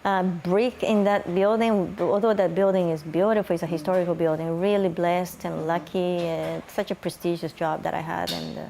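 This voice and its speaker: A woman's voice: lowish voice, fairly even intonation, normal speed, vocal fry, few pauses, mellow, slight background noise. A woman from Brazil, a guest in an interview, telling her life story in a chatty way with frequent light laughter.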